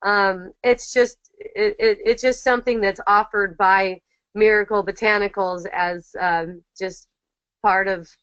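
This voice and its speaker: A woman hosting an online spiritual dialogue, talking gently and reflectively, repeating key phrases and restarting sentences often, over slightly muffled lo-fi call audio. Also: mid-range voice, steady tone, measured pace, clean tone, no echo. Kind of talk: reflective spiritual teaching talk.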